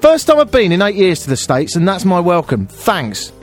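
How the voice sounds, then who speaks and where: A man's voice: high-pitched, huge pitch swings, normal speed, music in the background. A man telling an exasperated, self-deprecating story on air as a radio host.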